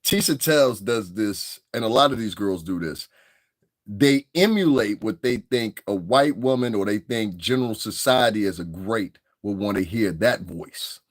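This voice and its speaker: A man's voice: lowish voice, animated, unhurried, dry recording, studio quality. Profane laughing man with Northeastern accent. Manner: profane, laughing, mocks voices. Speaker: online commentator. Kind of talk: livestream commentary rant.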